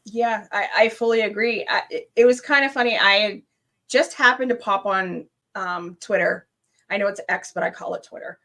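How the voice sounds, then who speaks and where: A woman, a guest on a live stream, chatting casually and telling a story with lively, acted-out quotes. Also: medium pitch, normal speed. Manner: animated storyteller, acts out her own screams and quotes.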